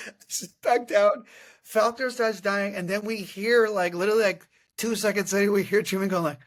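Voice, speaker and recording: A man in his thirties hosting a podcast, telling comic stories in a casual, animated way and often laughing. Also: high voice, moderate pace. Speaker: podcast host. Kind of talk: casual comedic storytelling.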